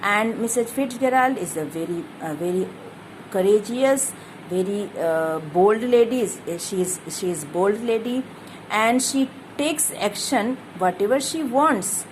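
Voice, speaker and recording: A woman's voice: medium pitch, expressive, unhurried, a little hiss or hum, low-quality recording. A woman teacher walks students through a play's characters, glossing each hard word and repeating herself as she goes. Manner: explains hard words one by one, repeats herself. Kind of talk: explaining a play to students.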